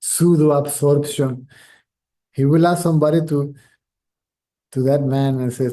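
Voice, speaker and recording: A middle-aged man, a native Spanish speaker, teaching in a slow, reflective way. His voice sits a little high but sounds very soft and dark, and he circles back over his own phrases as he feels for the right word. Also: fairly even intonation. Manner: slow, measured, repeats phrases while searching for words. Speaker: spiritual teacher. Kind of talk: reflective spiritual talk.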